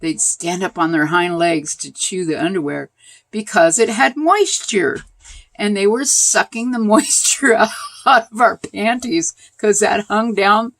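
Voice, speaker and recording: An older woman casually telling a personal story as a vlogger, animated and laughing, pointing things out as she goes. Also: medium pitch, a little slow, dry recording.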